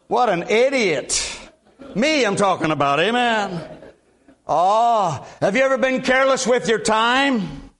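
Older preacher guy from alabama, very high voice, folksy, says amen a lot. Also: a bit bright. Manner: folksy, repeats himself, frequent amens. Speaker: guest preacher. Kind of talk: sermon.

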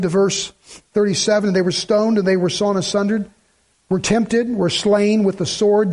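A male pastor with a high-pitched voice delivers a sermon. He reads scripture aloud and builds to emphatic, repeated phrases. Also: a little mellow. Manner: preaching with rising emphatic repetition.

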